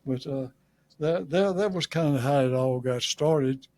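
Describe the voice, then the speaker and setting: An older man from Shreveport, Louisiana, with a Southern accent, spins folksy, humorous stories as a guest on an interview show, chuckling at his own jokes. His mid-range voice has a darkish tone and a measured pace.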